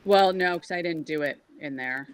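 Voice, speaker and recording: A woman's voice: low voice, normal speed, a little hiss or hum. A woman on a video call who fumbles with her computer and keeps asking for a second. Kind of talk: casual video-call meeting.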